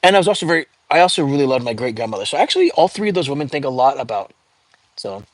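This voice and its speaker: Male livestream host, casual chatter to viewers, mid pitch, dry close sound. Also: big pitch swings, racing, no echo. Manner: chatty, frequent fillers, reads out viewer comments.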